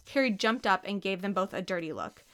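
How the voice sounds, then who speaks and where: A woman reading a children's novel aloud in an even, measured storytelling manner. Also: medium pitch. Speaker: audiobook narrator. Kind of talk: scripted narration.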